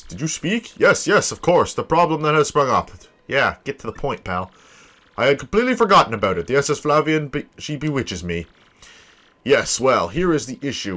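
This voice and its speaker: A man voicing a pompous, flamboyant ship captain who boasts in a grandiose, drawn-out way. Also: mid-range voice, fairly bright tone.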